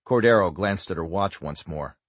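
A man narrating a thriller audiobook in an even, subdued voice. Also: low-pitched, moderate pace, slightly rough, no echo.

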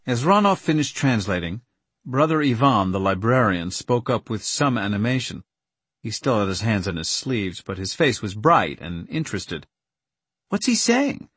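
Male audiobook narrator, earnest first-person storytelling, kinda husky, super dry recording. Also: fairly low pitch, expressive, moderate pace, a bit bright, no room sound.

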